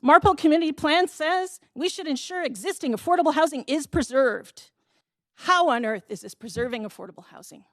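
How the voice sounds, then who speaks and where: A woman in her thirties or forties gives public comment at a city council hearing. Her voice sits a little high and close, with a dry, dead sound. She pleads with feeling and breaks into brief laughs. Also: animated, brisk, a bit bright, dry recording.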